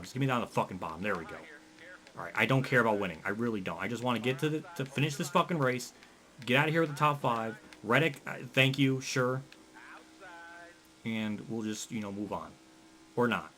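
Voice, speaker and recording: A man giving frustrated, swearing commentary over a racing game, breaking into angry yells and running out of breath. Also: medium pitch, a little hiss or hum. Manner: frustrated, swearing, yelling in bursts.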